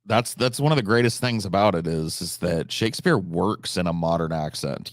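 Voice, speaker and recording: A man's voice: low voice, lively intonation, moderate pace, hardly any pauses, dry recording, clean studio sound. A man chatting casually on a live stream, answering chat questions, swearing freely, with frequent restarts and fillers.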